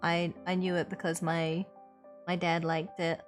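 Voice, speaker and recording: A woman streamer who chats casually, thinks aloud and muses in an unhurried way. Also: fairly low pitch, soft background music. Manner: musing, relaxed and unhurried.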